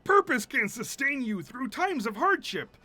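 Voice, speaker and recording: A man voicing a kindly, solemn male sage who speaks in a measured, formal way. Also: very high-pitched, big pitch swings, pushed and bright, no room sound, voice pushed up, heavily acted. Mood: solemn, earnest. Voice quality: measured, formal, slow delivery. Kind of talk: game dialogue read aloud in voices.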